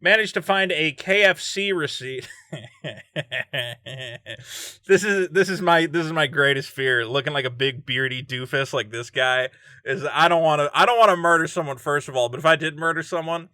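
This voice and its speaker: Man, high bright voice, jokey true-crime vlog commentary, dry close sound. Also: moderate pace, smooth, dry recording. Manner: joking, laughs often, animated asides. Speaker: vlogger.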